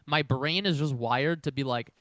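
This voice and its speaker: A man's voice: medium pitch, moderate pace, fairly bright tone, no echo. A young man co-hosting a podcast in casual chat, blunt and profane, rambling through stories. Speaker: podcast co-host.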